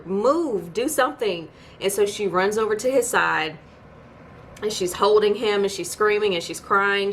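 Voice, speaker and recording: A woman's voice: medium pitch, fairly bright tone, a little hiss or hum. A woman giving a casual TV episode recap as a video host, chatty and storytelling, with incredulous asides. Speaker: YouTube TV reviewer.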